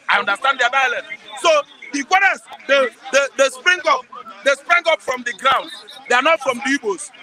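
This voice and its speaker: Emphatic Nigerian man, high bright voice. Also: low-quality recording. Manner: emphatic, repeats words, presses listener with rhetorical questions. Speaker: political commentator guest. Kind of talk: heated political commentary.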